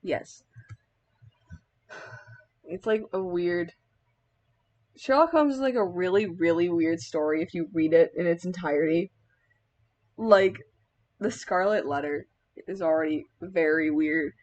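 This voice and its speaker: A woman's voice: on the low side, unhurried, pauses often, a little mellow, highs cut off. A young woman chatting casually in a vlog while styling a cosplay wig, rambling with many filler words and laughing mid-sentence.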